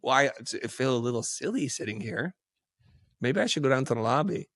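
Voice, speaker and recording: Male podcast guest, middle pitch, animated storyteller who acts out dialogue, dry close mic. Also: a little fast, dry recording. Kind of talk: casual storytelling.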